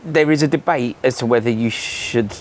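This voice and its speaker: A man's voice: medium pitch, moderate pace, a little hiss or hum. A man co-hosting a casual podcast, agreeable and chatty as he backs up his co-host. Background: faint outdoor holiday ambience.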